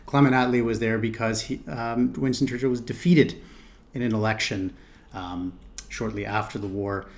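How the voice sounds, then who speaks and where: A man's voice: fairly low pitch, steady tone, normal speed. A man hosting a reaction video, thinking aloud in casual commentary, hesitating and correcting himself.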